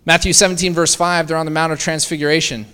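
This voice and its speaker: A man's voice: fairly high pitch, level tone, fast talker, bright, forceful tone, clear, resonant tone, long reverb tail. A man preaching a sermon in a conversational way, often asking the listeners questions. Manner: conversational, asks the congregation rhetorical questions with frequent "right?".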